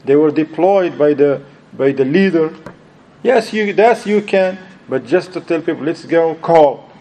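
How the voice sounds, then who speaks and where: Animated man preaching, Arabic phrases mixed in. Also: a little high, a little slow, a little hiss or hum, rough recording. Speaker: Islamic preacher. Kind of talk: lecture answering questions.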